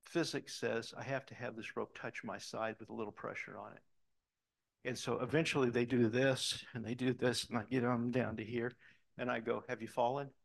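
Gravelly middle-aged preacher telling a story. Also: male voice, medium pitch, fairly even intonation, moderate pace. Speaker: pastor. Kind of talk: sermon with storytelling.

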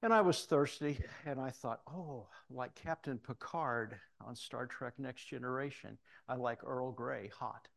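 A man's voice: mid-range voice, measured pace, gravelly, hardly any pauses. A middle-aged man preaching a sermon, telling personal stories and acting out the voices of people he quotes. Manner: storytelling, acts out voices in quoted lines.

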